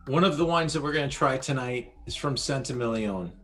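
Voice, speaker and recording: A man hosting an online wine tasting, describing wines slowly in vivid imagery. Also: medium pitch, a bit bright. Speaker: wine educator host.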